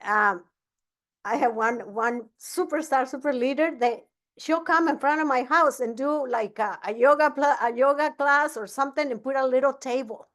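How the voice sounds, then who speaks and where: A woman giving a casual training talk as a business coach, energetic and often restarting her sentences. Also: high-pitched, moderate pace. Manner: energetic, repeats herself, frequent restarts.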